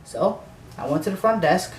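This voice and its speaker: A man's voice: high voice, animated, moderate pace. Rambling, cussing man in an echoey room. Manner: rambling, profane, full of "like" and restarts. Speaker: vlogger telling a story. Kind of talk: casual storytime rant. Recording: echoey room, distant mic, faint noise.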